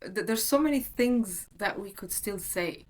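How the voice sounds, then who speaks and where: A woman's voice: medium pitch, expressive, unhurried, poor audio. A woman hosting a podcast in casual conversation, enthusiastic and eager, often restarting her sentences. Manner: enthusiastic, stumbling restarts, talks about astrology.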